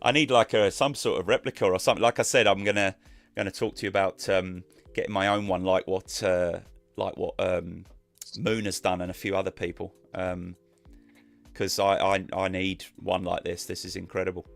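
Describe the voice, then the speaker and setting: A man's voice: low-pitched, little pitch movement, normal speed, vocal fry, faint music behind. A man chatting casually as a guest on a live stream, rambling and restarting his sentences.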